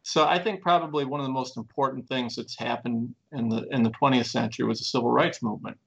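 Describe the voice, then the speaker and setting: A man talks with a gravelly edge, earnest and emphatic, often pushing his pitch up as he presses a point. The sound is dull and lo-fi. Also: steady tone, fast, fairly bright tone. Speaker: plaintiff in a lawsuit. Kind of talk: conversational interview talk.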